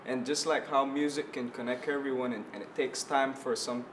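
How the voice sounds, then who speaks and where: A man's voice: mid-range voice, steady tone, moderate pace, noisy background. Easygoing young man. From Belize. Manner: easygoing, searching for words with frequent restarts. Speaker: musician guest. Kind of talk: casual radio interview.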